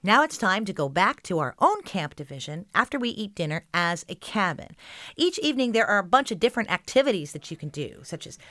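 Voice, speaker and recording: A woman's voice: medium pitch, big pitch swings, a little fast, fairly bright tone, no echo. A woman hosting a children's show, giving upbeat scripted narration and speaking straight to young listeners.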